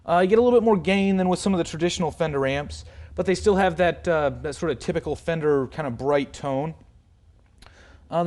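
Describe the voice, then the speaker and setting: A man's voice: on the high side, darkish tone. Man casually demoing a guitar amp. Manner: loose, hedging explanations with many fillers. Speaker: guitar gear demonstrator. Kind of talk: casual product demo walkthrough.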